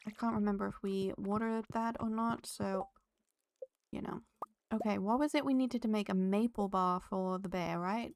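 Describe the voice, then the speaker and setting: A woman's voice: medium pitch, fairly even intonation, normal speed, darkish tone. A woman streaming a farming game, chatting casually with her viewers and laughing often. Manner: chatty, giggly, talks to chat and the game. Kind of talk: casual live-stream chat while playing.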